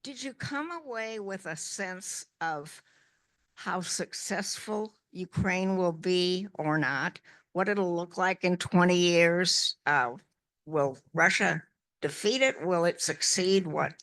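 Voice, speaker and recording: A woman's voice: lowish voice, takes it slowly, fairly bright tone. A woman in the audience asking a question, rephrasing it several times as she searches for words.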